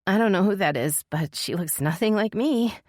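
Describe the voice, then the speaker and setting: A woman's voice: medium pitch, lively intonation, normal speed, a little mellow, dry recording, studio quality, pitched above the performer's own voice, close to an everyday voice. A woman voicing a scared young woman in an audiobook, speaking in a shaky, tearful, guarded way.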